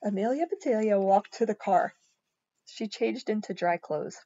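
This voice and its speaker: A woman's voice: mid-range voice, animated, moderate pace, mellow, highs cut off. A woman reading a children's picture book aloud and adding her own comments on the story. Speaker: storybook reader.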